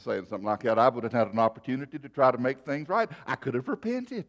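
Lively-voiced pastor. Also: male voice, mid-range voice, fast. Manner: folksy storytelling, shifting loud and soft. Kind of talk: sermon with personal story.

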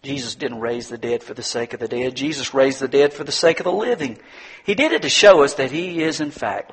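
A man preaching a sermon, telling the story dramatically and swinging from hushed tones to loud declarations. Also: medium pitch, lively intonation, a little fast, slightly rough.

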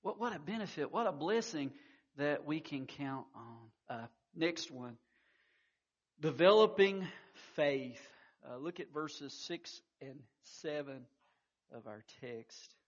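A pastor preaching a sermon, telling stories in a folksy way with frequent stammered restarts. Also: male voice, fairly high pitch, lively intonation, slow. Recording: muffled lo-fi recording.

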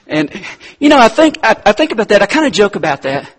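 Husky-voiced man giving a chatty sermon. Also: high-pitched, fast. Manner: relaxed, chatty, addresses listeners as guys. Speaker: preacher. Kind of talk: conversational sermon.

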